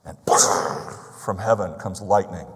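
Male pastor, sermon, storytelling tone, rhetorical questions, fairly low voice, long church reverb. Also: slow. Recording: long reverb of a large hall.

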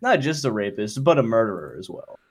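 A man's voice: lowish voice, sing-song, a little fast. Young man, rambling casual talker. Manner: rambling, lots of "like" fillers. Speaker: podcast co-host. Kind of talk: casual chat.

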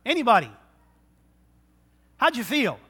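Wysoki, jasny głos pastora. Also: male voice, very high-pitched, sing-song, a little slow, bright, forceful tone, husky. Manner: conversational, asks the congregation questions. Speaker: preacher. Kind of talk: sermon. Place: church.

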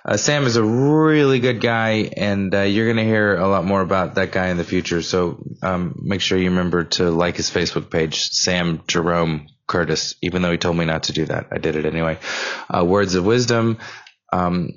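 A man hosting a podcast, giving a rambling, halting introduction full of ums and uhs. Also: low-pitched, steady tone, muffled recording. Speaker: podcast host.

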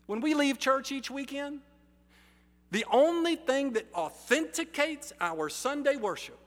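A male pastor preaching a sermon in slow, deliberate phrases with emphatic pauses, in a church sanctuary. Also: very high-pitched, fairly bright tone. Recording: reverberant sanctuary hall.

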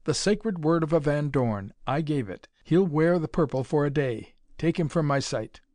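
A man's voice: a little high, expressive, moderate pace, darkish tone, no room sound, natural voice. A man voicing a cruel, mad old emperor who gloats and threatens, in a dry recording. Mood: mocking. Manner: gloating, menacing.

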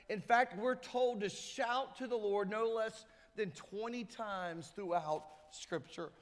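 Man, very high voice, preaching a sermon, emphatic, reverberant church hall. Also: a little slow, hardly any pauses. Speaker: pastor. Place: church sanctuary.

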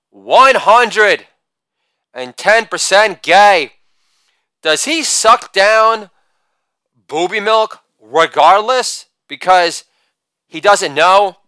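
A man delivers stand-up one-liners from home, each joke capped by a shouted catchphrase. His voice sits high and swings widely in pitch, with a bright, crisp tone. The sound is dry and close. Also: no echo. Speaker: stand-up comedian.

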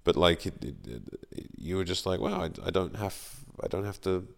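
A man's voice: sits low, lively intonation, fairly quick, vocal fry. An Australian man, an actor guest, chatting casually and self-deprecatingly, often acting out the voices in his stories. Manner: rambling, self-deprecating, acts out quoted voices. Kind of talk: casual podcast chat.

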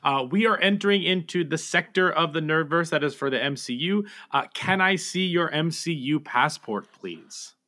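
A man's voice: a little high, moderate pace, hardly any pauses, pushed and bright. A man co-hosting a podcast in casual chat, jokey and mock-formal, with frequent "uh" fillers. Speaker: podcast co-host.

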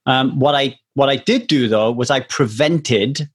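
A man's voice: medium pitch, unhurried, slightly rough. A man hosting a casual conversation, earnestly telling a personal story in a reflective way.

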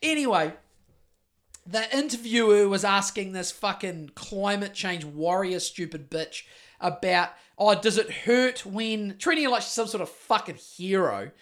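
A man's voice: sits high, measured pace, fairly bright tone. A middle-aged man with a New Zealand accent, ranting and swearing heavily in casual podcast chat. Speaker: podcast host.

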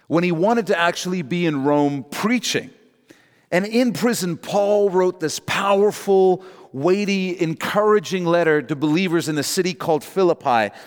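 Preaching man in a reverberant hall. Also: fairly high pitch. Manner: emphatic preaching with slow stressed words. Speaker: pastor. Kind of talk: sermon.

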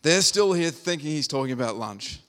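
A man's voice: fairly high pitch, animated, normal speed. A man preaching a conversational sermon, reading scripture and retelling the story with humor.

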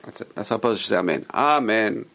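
A man's voice: fairly low pitch, very fast, creaky. A man teaching an informal Torah class, explaining Hebrew sources and giving emphatic warnings.

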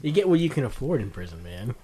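A man's voice: medium pitch, very animated, fast talker, crowd noise, rough recording. A man riffing crude jokes as a panelist on a comedy podcast.

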